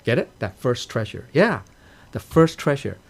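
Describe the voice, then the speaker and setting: A man leads a temple study class, his pitch leaping up and down as he explains a sutra line by line. He keeps asking "okay?" and "right?" to check that the room is following, and chuckles now and then at his own jokes. His voice sits at an ordinary middle pitch. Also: sing-song, normal speed. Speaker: dharma teacher.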